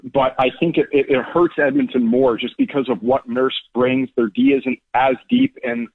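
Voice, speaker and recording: A man's voice: mid-range voice, steady tone, normal speed, slightly rough, dry recording. Man analyzing hockey over a phone line. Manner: thoughtful, stat-driven, hesitant restarts. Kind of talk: call-in sports analysis.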